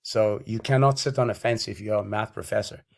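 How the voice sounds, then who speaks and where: Male channel host, low voice, breathless, ranting with contempt and self-praise. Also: steady tone, brisk, vocal fry. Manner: combative, self-aggrandizing, contemptuous. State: out of breath and losing his voice. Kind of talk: ranting monologue.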